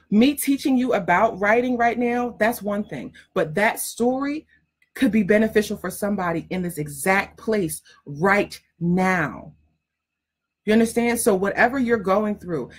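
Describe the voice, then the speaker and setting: Husky-voiced woman coaching on writing. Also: mid-range voice. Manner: emphatic, repetitive, frank, laughs often. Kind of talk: casual direct teaching talk.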